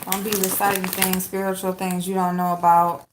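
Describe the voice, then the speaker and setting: A woman's voice: lowish voice, flat delivery, normal speed. A woman hosting a casual live stream, chatting with viewers and greeting them by name. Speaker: livestream host. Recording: echoey room with background noise.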